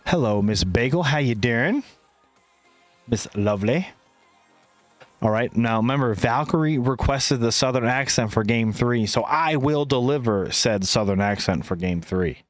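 A man's voice: medium pitch, lively intonation, unhurried, no room sound, soft background music. A man casting an esports match live with playful play-by-play, inventing silly words and chatting with viewers between plays. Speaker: esports caster.

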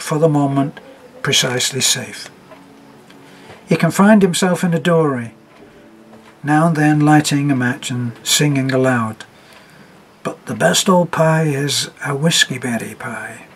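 A man reading a story aloud as narrator, in a measured, even manner. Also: medium pitch, a little hiss or hum, low-quality recording.

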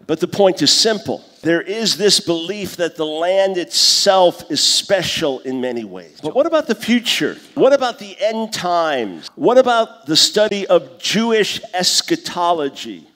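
A man in his fifties giving a conference lecture on scripture, teaching in a lively way and acting out the voices he quotes. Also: high-pitched, unhurried, few pauses. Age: 50s. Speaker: conference speaker. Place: conference hall. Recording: long hall reverb.

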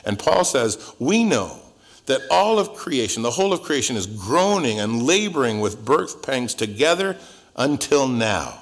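A male pastor teaching through a Bible passage verse by verse in a relaxed, joking, conversational way, his voice swinging up and down. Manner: conversational and joking, with wide swings in pitch and loudness.

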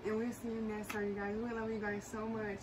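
A woman's voice: medium pitch, monotone, fast talker, far from the mic, noisy background. Emotional woman vlogging, slightly off-mic. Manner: emotional, heartfelt, addresses viewers directly. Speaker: family vlogger. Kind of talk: casual chat to camera.

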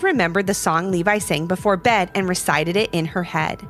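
A woman's voice: fairly low pitch, brisk, few pauses, a bit bright, soft background music. A woman narrating a children's story expressively, speaking to young listeners.

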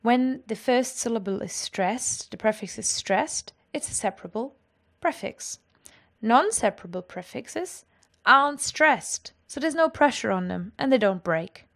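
A woman teaching a language lesson, explaining clearly and with lively energy. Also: a little high, a little slow.

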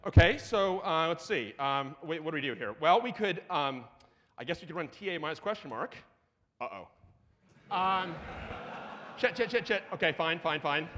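Excitable high-voiced man giving a tech talk. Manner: excitable, profane, rapid asides. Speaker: conference speaker. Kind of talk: live lightning talk with terminal demo. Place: conference hall. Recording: reverberant conference hall.

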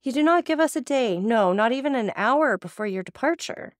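A woman's voice: on the high side, expressive, fairly quick, dry recording, studio quality, pitched above the performer's own voice, natural voice. Woman reading as an anxious young wife, earnest and pleading.

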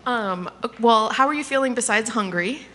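A woman interviewer asking questions in a hesitant, soft-spoken way. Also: fairly high pitch, animated, moderate pace, slight background noise. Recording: long hall reverb.

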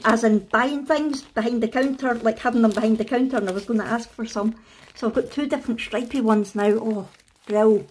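Excitable Scottish woman. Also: fairly high pitch. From Scotland. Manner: excitable, gushing with frequent gasps and "oh"s. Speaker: craft vlogger. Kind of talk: casual unboxing chat.

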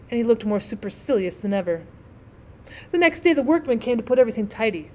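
Expressive woman reading a storybook. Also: a little high, fast. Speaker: teacher reading aloud.

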